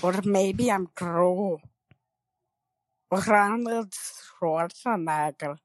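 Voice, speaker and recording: A man leaving a voicemail in which he does a slow, flat impression of a famous muscleman action star. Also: high-pitched, no echo, studio quality. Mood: deadpan campaigning. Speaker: voicemail caller.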